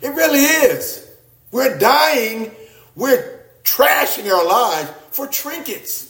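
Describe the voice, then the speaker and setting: A man preaching a sermon, swinging between loud exclamations and low, quiet asides, often repeating and restarting his words. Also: expressive, slow, creaky, roomy sound.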